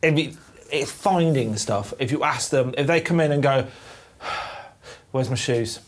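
A man's voice: a little high, moderate pace. A man co-hosting a crude comedy podcast, talking bluntly and laughing through over-the-top complaints. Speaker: podcast co-host.

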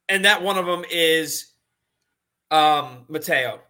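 A man's voice: on the high side, normal speed, sharp tone. A man co-hosting a casual sports talk show, ranting with exasperated emphasis. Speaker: podcast co-host.

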